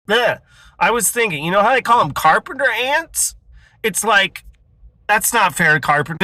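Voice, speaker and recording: A man in his forties delivering a rambling, deadpan absurdist comedy monologue. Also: on the high side. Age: 40s.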